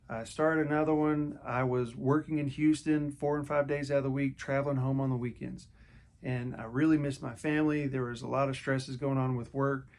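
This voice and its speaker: A man's voice: medium pitch, darkish tone. A middle-aged man recounting a personal experience in a candid, conversational way, often repeating and restarting his words. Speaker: vlogger.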